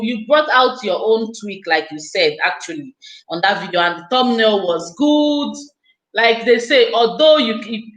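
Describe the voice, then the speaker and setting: A woman's voice: medium pitch, fairly bright tone, roomy sound, low-quality recording. A woman hosting a casual live stream, chatting effusively and speaking straight to her viewers.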